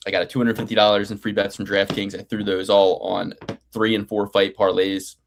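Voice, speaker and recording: A man's voice: on the low side, level tone, a little fast, slight background noise. A man in his thirties hosting a betting picks show, talking in a rambling, profane, playfully grandiose way. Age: 30s. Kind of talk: casual podcast banter.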